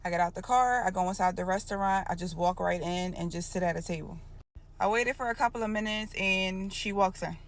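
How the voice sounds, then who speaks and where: Woman storyteller, lively and colloquial, mid-pitched, acts out quotes. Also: brisk, slight background noise. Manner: animated, acts out dialogue, colloquial. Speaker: storytime creator. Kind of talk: casual storytelling to camera.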